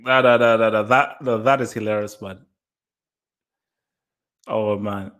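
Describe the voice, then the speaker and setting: A man hosting a live football reaction stream, excitable, laughing often and repeating his words. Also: fairly low pitch, takes it slowly, clean tone. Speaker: football channel host.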